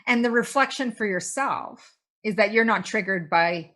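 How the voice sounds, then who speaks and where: A woman's voice: mid-range voice, normal speed, a bit bright. A woman hosting a podcast interview, asking reflective questions and affirming her guest's points. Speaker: podcast host. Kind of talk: interview conversation.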